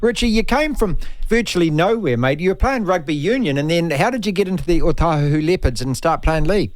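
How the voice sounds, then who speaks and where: A man's voice: a little high, lively intonation, fairly quick, no room sound. A New man hosting a sports talk show, enthusiastic and emphatic. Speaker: host. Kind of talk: casual sports chat.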